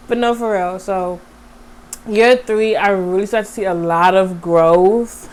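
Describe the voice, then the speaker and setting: A young woman vlogger telling a casual, animated story straight to her viewers. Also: mid-range voice, moderate pace. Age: young adult.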